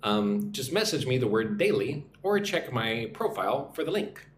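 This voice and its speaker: A man's voice: mid-range voice, very animated, moderate pace, roomy sound. A man who teaches English online, chatting on a live stream, reading out viewer comments and greeting them in their own languages. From United States.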